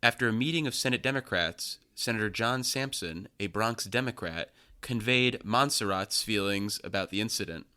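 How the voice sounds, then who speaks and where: A man reading scripted news narration in a measured, even way. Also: fairly low pitch, clean tone.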